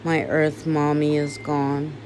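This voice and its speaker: A woman's voice: deep voice, monotone, a little mellow, a little hiss or hum. A woman giving a raw personal confessional monologue, weary and emotional, with blunt swearing. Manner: slow, weary and emotional, turning bitter with swearing. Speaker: vlogger.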